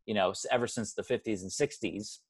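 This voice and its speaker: A man's voice: on the low side, brisk, breathy edge. A young man in his twenties, co-hosting a casual movie podcast, rambling and correcting himself as he talks. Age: 20s. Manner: rambling, self-correcting, chatty. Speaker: podcast co-host.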